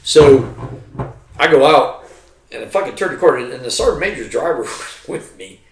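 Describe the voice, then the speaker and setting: A man's voice: mid-range voice, normal speed. Profane middle-aged veteran man, roomy sound. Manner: heavily profane, animated, acts out quotes. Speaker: army veteran telling war stories. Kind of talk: casual storytelling over drinks. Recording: roomy echo.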